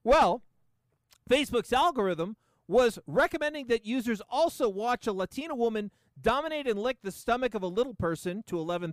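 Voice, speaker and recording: A man with an extremely high-pitched voice hosts a podcast, recorded with no room sound. He rants sarcastically in a casual comedic style, swearing a lot and laughing often.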